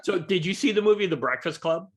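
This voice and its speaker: Relaxed man hosting a podcast. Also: high-pitched, fast. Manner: relaxed, asks questions, laughs along. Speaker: podcast host. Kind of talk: casual interview chat.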